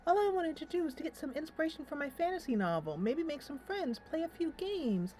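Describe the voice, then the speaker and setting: A woman's voice: sits low, expressive, normal speed, darkish tone, slight background noise, pitched below the performer's own voice, low-quality recording. A woman voicing a frustrated teenage girl student who rants about school. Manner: exasperated, ranting.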